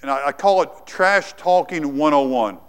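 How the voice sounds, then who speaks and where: A man preaching a sermon, telling the story dramatically and swinging from lively to hushed. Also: fairly high pitch, moderate pace, clear, resonant tone. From United States.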